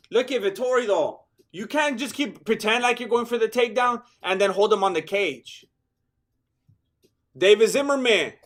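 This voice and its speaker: A man giving live, joking fight commentary in a hoarse, worn-out voice. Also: sits high. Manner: excitable, joking, sprinkles Spanish slang. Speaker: fight watch-along host.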